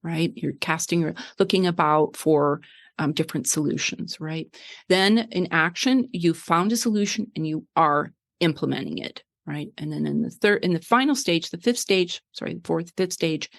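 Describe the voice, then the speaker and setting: A middle-aged woman talks things through in a lower voice, animated and chatty, tagging her points with "right?". She explains the way a coach would in a relaxed conversation. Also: normal speed, creaky. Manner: animated, many "right?" tags and fillers. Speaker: guest, wellness coach.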